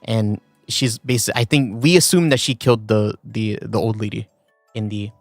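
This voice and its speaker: A man's voice: on the low side, fairly even intonation, moderate pace, no echo, faint music behind. A man streaming, telling a long story in a casual rambling way, full of fillers and restarts. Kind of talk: casual chat.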